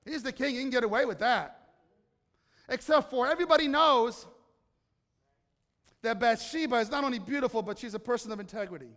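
A man's voice: very high-pitched, fairly quick, long pauses, fairly bright tone, in a large hall. A man preaching a sermon in a conversational, joking way, often tossing questions to the congregation. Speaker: pastor.

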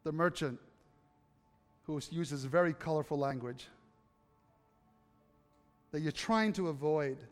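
A pastor preaches in a lively, storytelling way, slipping into the voices of the people in his anecdotes and then rising to fervent calls to the congregation. His voice sits a little high for a man. A long hall reverb trails his words, with faint music underneath. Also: slow, pauses often. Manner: animated, acts out dialogue, builds to impassioned appeals. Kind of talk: sermon with personal storytelling.

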